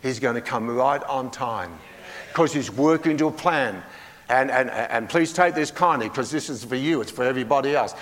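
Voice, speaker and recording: A man's voice: medium pitch, moderate pace, fairly bright tone, long reverb tail. An older man preaching a sermon in a folksy, humorous way, often putting questions to the congregation.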